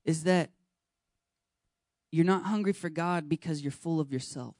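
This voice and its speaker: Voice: medium pitch, unhurried, darkish tone, no room sound, studio quality. A pastor preaching earnestly and urging the listeners directly, now and then acting out short bits of dialogue. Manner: acts out short dialogue scenes. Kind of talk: sermon.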